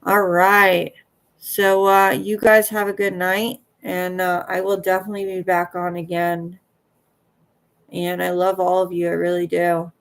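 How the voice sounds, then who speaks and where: A tired woman hosting a late-night livestream, halting and earnest, often trailing off. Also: lowish voice, flat delivery. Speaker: livestream host.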